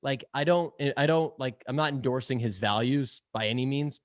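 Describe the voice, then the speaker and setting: A young man who hosts a sales podcast appears as a guest, chatting loosely in a casual interview at a moderate pace and an ordinary middle pitch. He rambles, leans heavily on fillers, laughs often and swears casually. The recording is dry and close, with no room sound.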